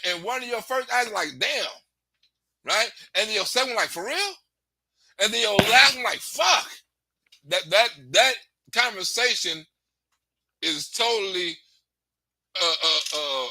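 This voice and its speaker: A man's voice: high-pitched, bright, forceful tone, no room sound. A man telling loose, rambling comic stories in a casual stand-up manner, often laughing and acting out the voices of the people he quotes. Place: Hollywood.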